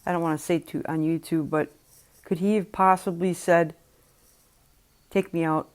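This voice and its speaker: A woman's voice: on the low side, fairly even intonation, normal speed. A woman hosting a reaction video, commenting casually with musing, speculative asides.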